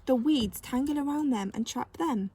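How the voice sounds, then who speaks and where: A woman's voice: high-pitched, normal speed, warm tone, a little hiss or hum, natural voice. A woman voicing a curious, anxious boy in a storybook reading. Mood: excited.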